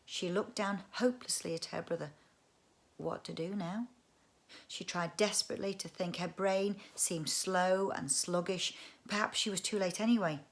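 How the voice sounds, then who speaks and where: A woman reading a children's book aloud, expressive and adding chatty asides. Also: lowish voice, moderate pace. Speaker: audiobook reader. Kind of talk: storybook read-aloud narration.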